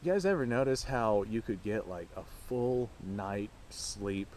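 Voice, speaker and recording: A man's voice: on the low side, animated, unhurried, darkish tone, a little hiss or hum. A man hosting his own firearms channel, chatting casually and rambling to camera while out at a shooting range, swearing freely.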